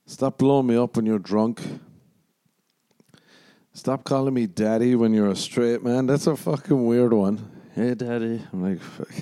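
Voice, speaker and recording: A man's voice: medium pitch, unhurried, warm tone, no room sound. A man hosting a solo podcast, ranting casually with lots of swearing, sardonic asides and mocking put-on voices. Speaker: podcast host.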